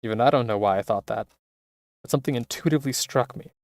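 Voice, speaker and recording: A man reading the quiet inner monologue of a troubled young woman in a video game. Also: mid-range voice, fast, gravelly, no room sound, lightly acted. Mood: brooding.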